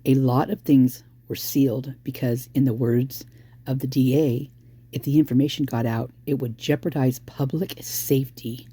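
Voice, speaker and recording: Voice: medium pitch, fairly even intonation, moderate pace, dark tone, slightly rough, no room sound. A true-crime commentator talking casually and speculatively straight to viewers, addressing them directly.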